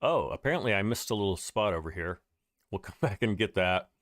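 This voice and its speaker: A man's voice: on the low side, expressive, fairly quick, a bit bright, no echo, studio quality. A man hosting a casual gameplay livestream, chatting to viewers and greeting them by name as he plays. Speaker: livestream host.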